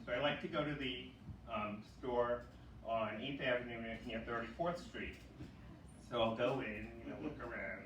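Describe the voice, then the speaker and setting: New York comic in an echoey club. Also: male voice, medium pitch, normal speed. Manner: chatty storytelling, acts out other people's lines. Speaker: stand-up comic. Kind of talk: open-mic stand-up routine. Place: small comedy club. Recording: echoey club heard from a distance, loud room noise.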